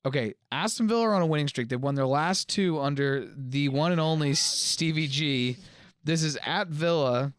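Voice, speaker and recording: Joking male co-host who drives the chat, fast talker, dry close-miked sound. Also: on the high side, smooth, dry recording. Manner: quick, joking, steers the talk with questions. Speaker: podcast co-host. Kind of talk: casual sports chat. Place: home studio.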